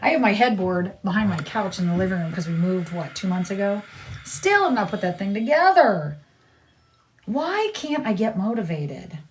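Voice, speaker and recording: A woman's voice: medium pitch, very animated, normal speed, recorded from a distance, slight background noise. A middle-aged woman livestreaming, chatting casually in a blunt, rambling way and repeating herself.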